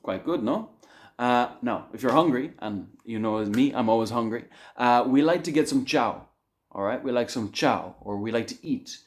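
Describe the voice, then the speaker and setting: A man teaching an online English lesson on slang, lively and chuckling as he explains words. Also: mid-range voice, normal speed. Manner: lively, acts out example phrases with chuckles.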